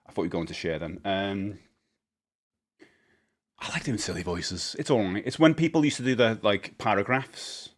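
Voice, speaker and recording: A man's voice: fairly low pitch, normal speed, pauses often. A middle-aged man chatting casually on a live stream, rambling and often laughing.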